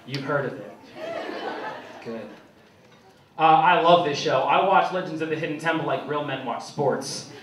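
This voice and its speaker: High-voiced young comic in an echoey club. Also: male voice, normal speed, pauses often, noisy background. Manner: animated, profane, self-mocking. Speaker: stand-up comedian. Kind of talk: stand-up comedy routine. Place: comedy club stage. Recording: echoey comedy club, distant mic, loud crowd. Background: loud audience laughter.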